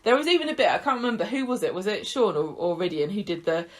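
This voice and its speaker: A woman co-hosting a casual podcast, retelling the week's episodes with lively energy. She talks in a quick, conversational way and slips easily into laughter. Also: mid-range voice. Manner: lively retelling, often breaking into character voices and laughter. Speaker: podcast co-host. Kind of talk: casual chat recapping a soap.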